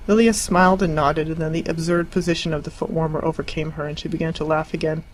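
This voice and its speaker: An audiobook narrator reading a classic novel in a measured, even storytelling voice. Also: mid-range voice, rough recording. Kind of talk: scripted narration.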